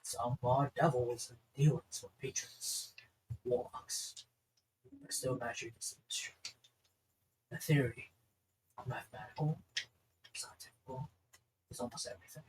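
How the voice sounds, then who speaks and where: A man voicing a magic teacher who recites a lesson in a halting way. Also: medium pitch, steady tone, a little mellow, a little hiss or hum, lightly acted, low-quality recording. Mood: lecturing. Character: lecturing magic teacher, plain and matter-of-fact.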